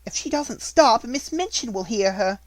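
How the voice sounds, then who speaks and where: Nervous, high-voiced schoolgirl, coaxing, as a male narrator puts her on. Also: quick pace, no room sound, natural voice, rough recording. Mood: anxious. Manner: pleading, coaxing.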